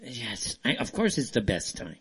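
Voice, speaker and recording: A man's voice: mid-range voice, sing-song, moderate pace, a crowd in the background. A man hosting a call-in talk show, ranting in a heated, fired-up way. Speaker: radio show host.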